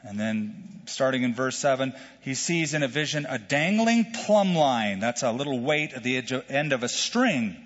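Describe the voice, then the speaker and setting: A man preaching a verse-by-verse sermon, animated, repeating words as he goes and acting out the shouts in the story he tells. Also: medium pitch, moderate pace, hardly any pauses. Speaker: pastor. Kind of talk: expository sermon with a told joke. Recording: dull, distant church hall sound.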